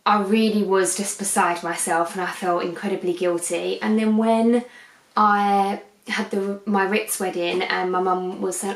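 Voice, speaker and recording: Young woman, twenties, casual beauty vlog, rambling, digressive, mid pitch, echoey room. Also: fairly even intonation, a little slow. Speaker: beauty vlogger. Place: living room, on a sofa, at night under a harsh light.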